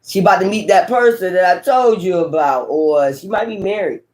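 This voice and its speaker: A tarot reader with a high, somewhat mellow voice gives a loose, profane spiritual reading at normal speed. He talks directly to his viewers with emphasis, constantly dropping tag questions like "right?" and "okay?"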